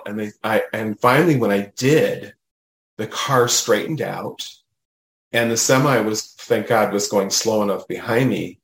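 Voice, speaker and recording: A low-pitched man chatting through a story with lots of "you know" and "right?". His voice sits in a roomy, echoey space. He tells it casually, with animated emphasis. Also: normal speed. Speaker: guest, medium.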